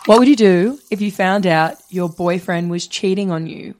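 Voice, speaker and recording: A woman, co-hosting a podcast and telling stories in lively casual chat, acting out what people said. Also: on the low side, moderate pace, a little hiss or hum. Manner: animated storyteller, acts out quotes. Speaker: podcast co-host.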